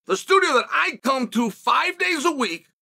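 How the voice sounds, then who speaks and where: A middle-aged man hosting his own show, telling a story in a casual studio monologue and acting out the shouting he heard. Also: very high-pitched, normal speed, vocal fry. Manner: animated, acts out shouted quotes. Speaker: show host.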